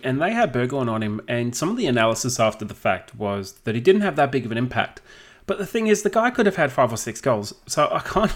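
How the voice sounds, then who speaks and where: A man with an Australian accent co-hosting a sports podcast, chatty and quick to laugh. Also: mid-range voice. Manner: chatty, laughs while talking. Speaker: podcast co-host. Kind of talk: casual sports chat.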